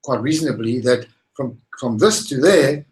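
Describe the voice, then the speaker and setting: A panel moderator poses questions during a live science Q&A, laying out a tentative guess piece by piece. The moderator keeps checking in with a quick "right?". The voice sits at a middle pitch. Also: animated, a little mellow, rough recording.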